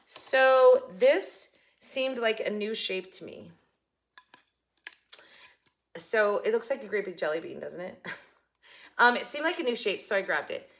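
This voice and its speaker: A woman's voice: medium pitch, lively intonation, a little slow, long pauses. An older woman chatting casually to camera about her shopping haul, giggling and joking with someone off camera. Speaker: haul vlogger.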